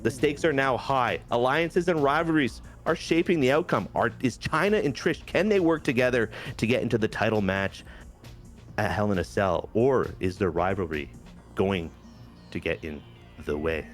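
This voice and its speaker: A man who is getting over a cold, casually narrating wrestling matches from a video game storyline in a lively play-by-play. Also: medium pitch, normal speed, faint music behind. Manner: lively play-by-play recap with asides. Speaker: game player and general manager.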